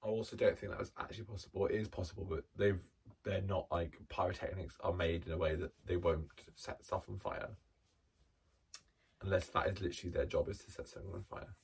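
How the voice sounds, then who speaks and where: Man, casual chat, laid-back joking tone, very deep voice, distant mic. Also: fairly even intonation, fairly quick, vocal fry, breathy edge. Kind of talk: casual chat reading reviews aloud. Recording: distant mic with faint noise.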